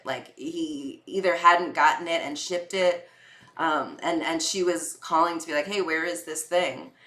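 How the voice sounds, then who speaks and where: A woman's voice: deep voice, a bit bright, reverberant. A young woman hosting a podcast, telling candid personal stories in a chatty way, full of fillers and acted-out quotes. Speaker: podcast host. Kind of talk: casual personal storytelling.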